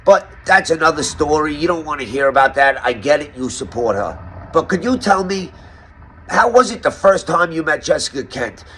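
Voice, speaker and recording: A man's voice: on the high side, animated, normal speed, sharp tone, slight background noise. Sarcastic New York man roasting a guest. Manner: sarcastic, mock-serious questioning. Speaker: roast host. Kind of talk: mock interview roast.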